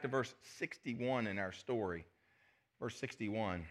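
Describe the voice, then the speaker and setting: A man preaching a sermon as pastor, animated, retelling scripture as a vivid story. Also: lowish voice, slow pace.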